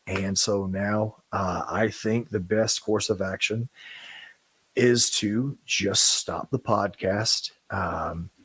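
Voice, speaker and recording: A man giving an earnest, apologetic statement on a podcast, halting often and restarting his sentences. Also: fairly low pitch, steady tone, a bit bright, slightly rough. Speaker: podcast co-host.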